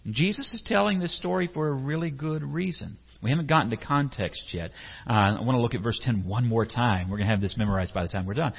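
Male pastor giving a sermon, chatty, keeps asking the room questions, slightly husky voice. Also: mid-range voice, quick pace. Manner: conversational, asks the congregation questions, acts out quotes. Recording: echoey hall, slightly dull sound.

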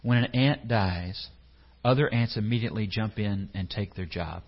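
Husky-voiced preacher in an echoey hall. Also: male voice, fairly low pitch, moderate pace. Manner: conversational, asks the congregation questions, acts out quotes. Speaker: pastor. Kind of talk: sermon. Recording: echoey hall, slightly dull sound.

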